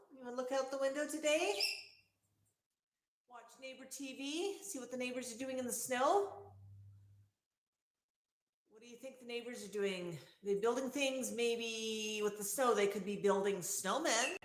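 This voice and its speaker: A woman hosting a livestream, talking to her pet parrot at home in coaxing, affectionate baby talk. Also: fairly high pitch. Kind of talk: sing-song pet talk. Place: indoors at home. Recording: echoey room.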